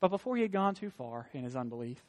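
A man preaching a sermon as pastor, emphatic with loud stresses and folksy asides. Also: medium pitch, sing-song, fast. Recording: long hall reverb.

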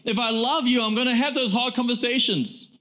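A man in his forties delivers a church sermon in a high, ringing voice. He hammers his points through repetition and keeps turning to the congregation with "guys.". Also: a little fast, sharp tone. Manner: emphatic preaching, repeats phrases, addresses congregation as "guys". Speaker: pastor.

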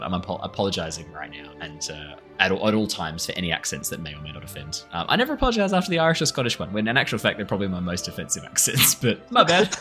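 A man's voice: low-pitched, sharp tone. A man running a tabletop game stream, rambling and self-deprecating as he chats with players. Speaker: game master. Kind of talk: casual tabletop game chat.

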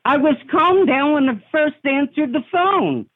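Brief: angry woman on the phone, high-pitched, heard through a tinny phone line. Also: lively intonation, measured pace. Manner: indignant, argumentative. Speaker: prank call victim.

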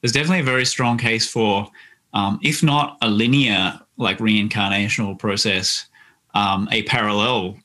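A man's voice: lowish voice, fairly even intonation, moderate pace, bright, forceful tone. An Australian man, a guest author in an interview, explaining things in a thoughtful, musing way. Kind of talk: reflective interview talk.

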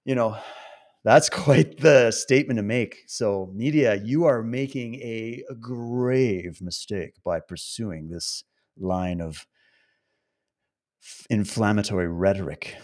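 A man's voice: fairly low pitch, slow, a little mellow. A man delivering an impassioned monologue to viewers, laughing often and switching between mocking and solemn tones. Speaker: protest supporter addressing viewers.

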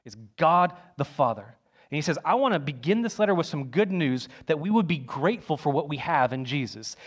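A young adult male pastor delivering a sermon, his voice slightly higher than most men's. He preaches casually and with energy, often restarting a phrase or dropping in a filler before pressing on. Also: lively intonation, a little fast, husky.

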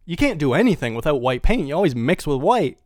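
Male podcast co-host, relaxed storyteller, dry close sound. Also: a little high, quick pace, no echo. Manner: relaxed storytelling, laughs often. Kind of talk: casual chat.

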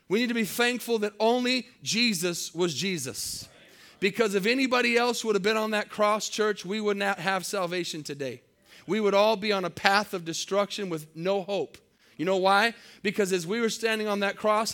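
A man's voice: high-pitched, fairly bright tone. A male pastor preaching a sermon to his church, calling for amens and building to emphatic peaks. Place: church service.

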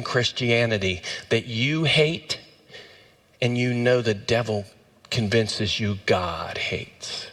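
An impassioned male pastor preaching in a slow, deliberate rhythm. His speaking pitch is moderate for a man, but it leaps high when he drives a point home. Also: fairly bright tone. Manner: impassioned, swings up in pitch for emphasis. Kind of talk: sermon.

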